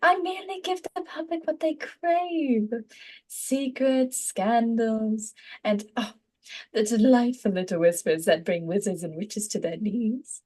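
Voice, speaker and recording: A woman's voice: a little high, unhurried, mellow. A woman voicing a purring gossip reporter. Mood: smug. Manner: theatrical, purring, self-satisfied. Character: smug, gossiping female society reporter. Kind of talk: voice acting practice read.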